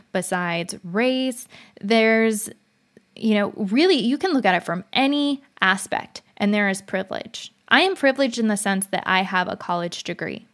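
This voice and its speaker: A woman's voice: mid-range voice, a bit bright. A young woman telling a personal story in a casual, frank monologue, chatty with many fillers and restarts. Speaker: vlogger.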